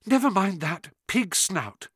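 A man's voice: high voice, expressive, slow pace, fairly bright tone, breathy edge, no echo, studio quality, voice pushed up, heavily acted. A man voicing an anxious young schoolboy, breathless and pleading, in an audiobook. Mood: tense. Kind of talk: audiobook character voice.

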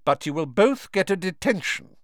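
A man's voice: high voice, lively intonation, normal speed, no echo, clean studio sound, voice pushed up. A man voicing a stern older female professor who speaks sharply. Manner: sharp, clipped.

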